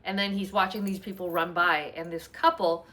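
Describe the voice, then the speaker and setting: A woman's voice: lowish voice, steady tone, moderate pace, a bit bright. A woman hosting a casual chat at home, talking in a rambling, chatty way with many fillers. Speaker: host.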